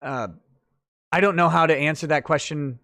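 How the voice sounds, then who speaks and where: A man's voice: on the high side, normal speed, pushed and bright. A man hosting a late-night livestream, chatting loosely through viewer comments with lots of fillers and restarts.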